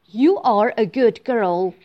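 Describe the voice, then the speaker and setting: A woman voicing a kindly female field mouse in a storybook reading, warm and motherly. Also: a little high, animated, slow pace. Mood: fond. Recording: dull lo-fi recording.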